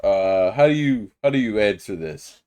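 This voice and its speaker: A man's voice: fairly low pitch, expressive, moderate pace, a little mellow, slight background noise, voice pushed down, natural voice. A man voicing a flustered male judge in a Minecraft roleplay, stumbling over his words as he runs the court. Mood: judging.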